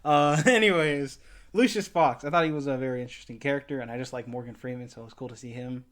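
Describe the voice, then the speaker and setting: A man's voice: medium pitch, fast, fairly bright tone. A man co-hosting a casual film discussion podcast, rambling a little, correcting himself and laughing often. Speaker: podcast co-host.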